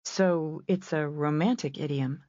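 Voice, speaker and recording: A woman's voice: sits low, unhurried, dark tone, no room sound, lo-fi sound. A woman reading a polite outsider woman who asks bemused, curious questions. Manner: inquisitive, lightly bemused.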